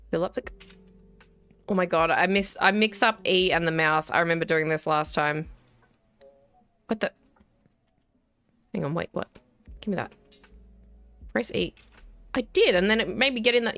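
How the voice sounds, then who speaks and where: A woman's voice: on the low side, normal speed, long pauses, fairly bright tone. An Australian woman in her thirties giving casual, wry gameplay commentary and talking herself through each step. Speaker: gaming video host. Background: faint game music and keyboard typing.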